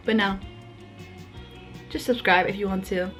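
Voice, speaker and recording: A woman's voice: medium pitch, fairly even intonation, fairly quick, long pauses, music in the background. A woman with a mild Liverpool accent chatting casually in a vlog, self-mocking and full of "like". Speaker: vlogger.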